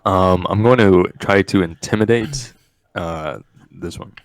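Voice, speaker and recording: Deep-voiced, slow, hesitant male player. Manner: hesitant, halting. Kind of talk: casual game chat.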